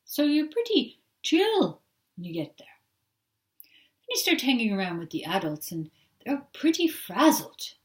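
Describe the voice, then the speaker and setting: A woman channeling a patient, genderless spirit that speaks as "we" and explains its ideas in a calm, unhurried way. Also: on the high side, recorded from a distance. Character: gentle collective spirit, genderless, patient teacher. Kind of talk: trance channeling talk.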